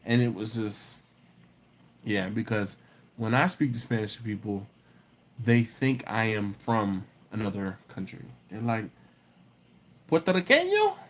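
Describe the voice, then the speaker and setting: A man's voice: on the low side, unhurried. A man hosting a barbecue live stream, chatting casually, reading viewer comments and joking with them by name. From lives in Baltimore area, not from there. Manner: animated, jokey, greets viewers by name.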